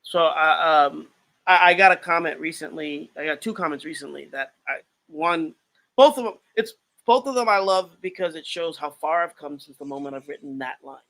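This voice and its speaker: A man's voice: fairly high pitch, moderate pace, bright, forceful tone. A man co-hosting a casual podcast about writing, talking earnestly and reflectively with many fillers. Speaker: author and podcast co-host.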